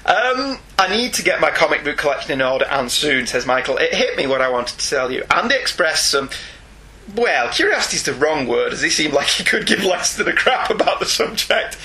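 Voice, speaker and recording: A man's voice: fairly high pitch, sing-song, fairly quick, sharp tone, a little hiss or hum. A man with a Northern English accent co-hosting a podcast, reading listener emails aloud and teasing his co-host with frequent laughter. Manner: teasing and jokey, laughs often.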